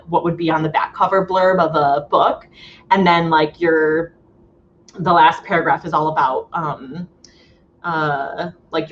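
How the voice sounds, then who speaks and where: A woman's voice: sits low, lo-fi sound, a little hiss or hum. A woman hosting a live writing stream, chatting casually and upbeat, with lots of fillers and frequent laughs. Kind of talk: casual livestream chat.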